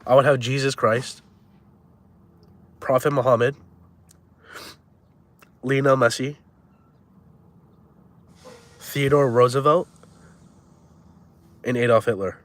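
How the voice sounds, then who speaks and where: A man in his twenties chatting live with his viewers. He talks loose and crude and drops slang all the time. His voice sits at an ordinary mid pitch. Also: steady tone, takes it slowly, pauses often. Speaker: live streamer. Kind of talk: casual chat.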